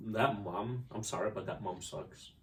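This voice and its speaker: A man's voice: fairly low pitch, measured pace, a bit bright. A man co-hosting a casual podcast, chiming in with short, laid-back reactions and questions. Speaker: podcast co-host.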